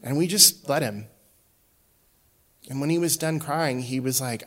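A middle-aged man preaching a sermon as a pastor, telling a story and swinging between hushed and loud delivery. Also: medium pitch, a little slow.

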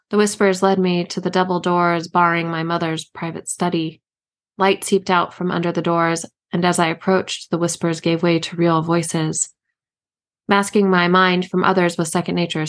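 A woman reading her own novel aloud in a steady, measured first-person narration. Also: on the low side. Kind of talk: audiobook narration.

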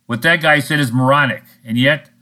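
A man's voice: medium pitch, brisk, pushed and bright. A man preaching a sermon in a blunt, scolding, sarcastic manner. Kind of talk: recorded sermon monologue.

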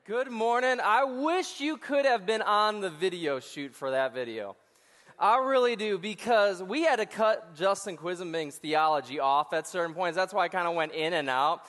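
A man's voice: sits high, animated, moderate pace, a bit bright, in a large hall. A male associate pastor giving a joking, crowd-engaging sermon to a large church audience. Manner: joking, talks back to the crowd. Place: church auditorium before hundreds of people.

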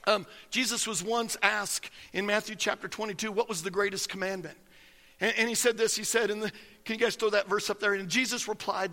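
A man's voice: high-pitched, steady tone, brisk, bright, forceful tone, long reverb tail. A man preaching a sermon as pastor, folksy and emphatic, telling stories to his congregation.

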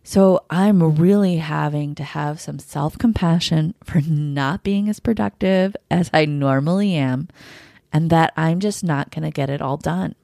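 Slow, gravelly-voiced woman podcast host. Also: low voice, dry recording, studio quality. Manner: gentle, candid, laughs often. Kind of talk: reflective solo podcast talk.

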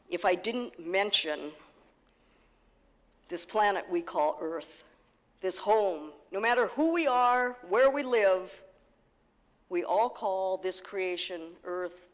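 A woman pastor preaching a sermon, slow and earnest, driving points home with repetition. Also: medium pitch, lively intonation. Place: church sanctuary. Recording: long reverb of a church hall.

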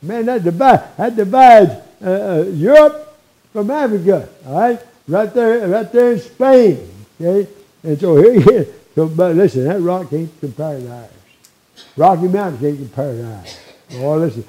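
An elderly preacher in his eighties delivers a homespun sermon, his voice sitting fairly high yet soft and mellow. He talks in a folksy, conversational way, peppering his points with "all right?" and small chuckles. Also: lively intonation, normal speed, low-quality recording. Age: 80s. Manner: folksy, frequent tag questions like "all right?".

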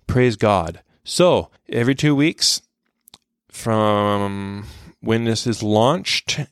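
A man hosting a devotional podcast, speaking earnestly and from the heart about faith, with some halting restarts, and closing in prayer. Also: lowish voice, vocal fry, smooth, dry recording, studio quality. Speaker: podcast host.

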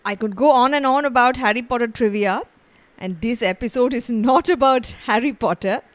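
A woman's voice: on the high side, normal speed. A woman hosting a podcast, chatting enthusiastically with a young guest about the news. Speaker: podcast host. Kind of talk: casual chat.

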